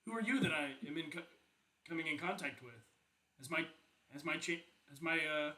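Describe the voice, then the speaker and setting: Calm, curious female helmet spirit, measured and questioning, slightly raised pitch, roomy echo; voiced by a man.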